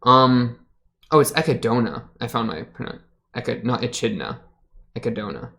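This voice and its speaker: A man's voice: mid-range voice, moderate pace, bright, forceful tone. A young man casually commenting while watching an anime episode, chatty and rambling, laughing often. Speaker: reaction streamer.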